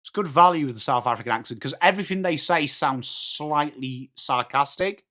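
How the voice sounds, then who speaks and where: Bright-voiced English man chatting live. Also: on the high side, moderate pace. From England. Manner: chatty, reads and answers viewer comments between calls of play. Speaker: watchalong host. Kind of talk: live stream chat.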